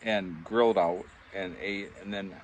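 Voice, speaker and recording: A man's voice: low-pitched, fairly even intonation, unhurried, slight background noise. An older man telling rambling, chuckling pub anecdotes in a casual vlog, acting out the voices he quotes. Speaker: vlogger. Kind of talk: casual storytelling. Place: backyard pub shed.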